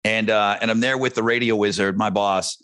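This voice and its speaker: A man's voice: steady tone, a little fast, a bit bright, clean tone. A man who hosts radio, chatting casually on a podcast and acting out quotes in his stories. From United States. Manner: storytelling, acts out quotes with big pitch swings.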